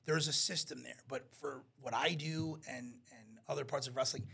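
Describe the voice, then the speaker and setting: Male interview guest, raspy and gravelly, animated storyteller. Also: mid-range voice, normal speed. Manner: animated storyteller, acts out quotes. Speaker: wrestling promoter guest. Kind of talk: casual interview chat.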